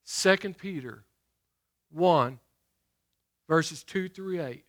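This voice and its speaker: Emphatic in his sermon, this middle-aged preacher fires questions at the congregation and slows his delivery to underline scripture. He speaks in a slightly high voice.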